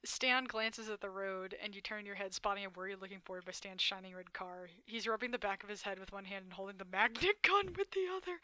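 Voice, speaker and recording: Bright-voiced woman streamer reading aloud. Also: medium pitch, fairly quick, hardly any pauses, no room sound. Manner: dramatic reading broken by blunt, swearing asides. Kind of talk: reading a dating game aloud with commentary.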